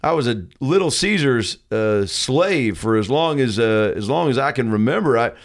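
A man's voice: medium pitch, lively intonation, normal speed, lightly acted. A man playing a brash, crude older male TV doctor hosting a talk show, rambling and leering. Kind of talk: improvised comedy sketch.

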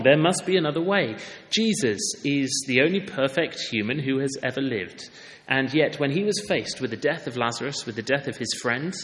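A male preacher delivering a sermon in an earnest, conversational way, leaning hard on key words. His voice sits a little high for a man, and a long church-hall echo trails behind it.

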